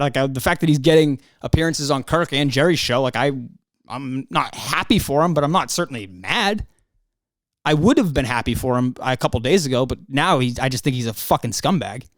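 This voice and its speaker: A young man hosts his own show alone and rants hotly, swearing often. His voice sits fairly high for a man. The sound is dry and close, with no room around it. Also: no echo. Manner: profane, heated, ranting. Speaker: podcast host. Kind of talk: angry solo podcast rant.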